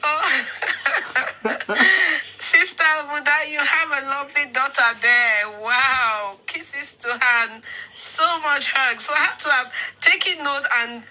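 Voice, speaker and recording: A woman's voice: high-pitched, slow, sharp tone, a little hiss or hum, low-quality recording. A woman, speaking effusively, full of thanks and blessings.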